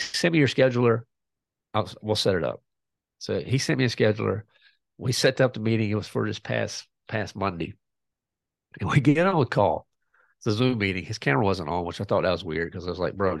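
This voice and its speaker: A man's voice: on the low side, brisk, vocal fry, dry recording. A man, a podcast guest casually telling a story and acting out both sides of a conversation.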